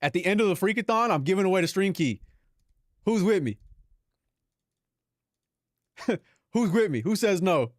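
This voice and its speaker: A young Filipino man banters loosely with his live stream audience, swearing freely and breaking into laughs. His voice sits a little high, and the close mic sounds dry. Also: lively intonation, fairly quick, no echo. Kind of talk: casual stream chat.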